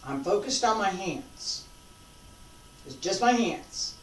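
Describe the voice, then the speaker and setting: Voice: medium pitch, lively intonation, a little hiss or hum. A martial arts instructor teaching a class, calling out breathing cues and checking in with casual "all right?" and "okay?" as they demonstrate. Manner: calls out breathing cues slowly. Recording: roomy sound, distant from mic.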